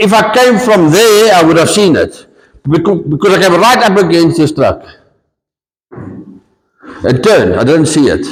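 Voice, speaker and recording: Man, South African accent, pastor, conversational anecdotal sermon, fairly high voice, long reverb of a church hall. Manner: conversational storytelling, switching between Afrikaans and English.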